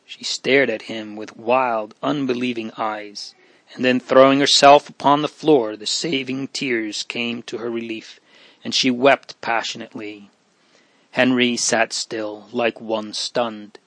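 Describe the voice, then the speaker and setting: A man narrating an audiobook in a hushed, solemn and measured way, with a steady, flat melody at a mid pitch. The recording is close and dry, with no room sound behind him. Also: no room sound. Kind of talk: audiobook reading.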